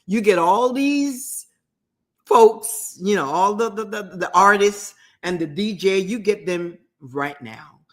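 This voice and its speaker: A woman's voice: mid-range voice, slow pace. A woman hosting a talk show, retelling a parable in a conversational way, with restarts and asides. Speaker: host. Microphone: streamed talk show mic.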